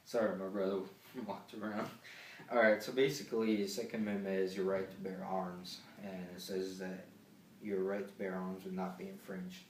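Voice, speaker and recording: A man's voice: sits low, little pitch movement, moderate pace, darkish tone, far from the mic, slight background noise. A teenage boy telling a rambling, swear-filled story from school as a casual vlog, with many fillers. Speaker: vlogger. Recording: echoey room, off-mic.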